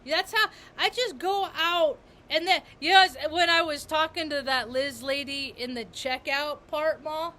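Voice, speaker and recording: A woman's voice: sits high, unhurried, few pauses, bright, forceful tone. A woman vlogger talking in a rambling spiritual monologue, repeating and restarting her words with emphasis.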